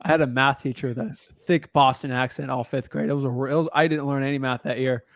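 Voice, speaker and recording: A young man from the United States giving casual, slangy coaching advice on a call, thinking out loud as he looks things up. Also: mid-range voice, steady tone, fast talker, vocal fry, no echo, clean studio sound. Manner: laid-back, slangy, talks through what he looks up. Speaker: real estate wholesaling coach.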